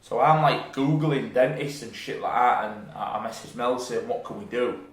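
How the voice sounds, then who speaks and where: A man's voice: medium pitch, normal speed, reverberant. A young man, co-hosting a podcast and telling stories in a loose, chatty way with casual swearing. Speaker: podcast co-host. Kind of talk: casual chat.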